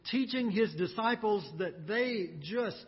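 Man, pastor, sermon, slow deliberate delivery, slightly breathy, long hall reverb. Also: high voice, animated, lo-fi sound. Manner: earnest, emphatic preaching with dramatic pauses.

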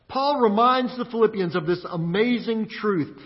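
A man preaching a sermon as pastor, animated, laughing now and then. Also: high voice, normal speed, few pauses. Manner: animated preaching with laughs and acted-out inner voices. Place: church sanctuary. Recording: echoey church hall, dull lo-fi.

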